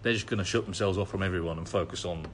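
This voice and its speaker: A man with a low-set voice who talks quickly, with faint background noise behind him. He hosts the podcast, guiding the guests and moving things along from topic to topic. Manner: steers the talk and moves between segments. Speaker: podcast host. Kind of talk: podcast presenting.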